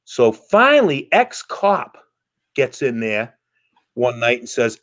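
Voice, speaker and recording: A man's voice: mid-range voice, very animated, takes it slowly, a bit bright. A man hosting a casual online panel, telling a story in an emphatic, profane way. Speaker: live streamer hosting a panel.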